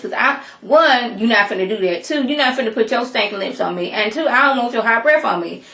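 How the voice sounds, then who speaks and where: Gravelly-voiced woman reviewing a show. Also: a little high, fast talker, hardly any pauses, echoey room. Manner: animated, emphatic, talks back to characters. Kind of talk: casual chat review.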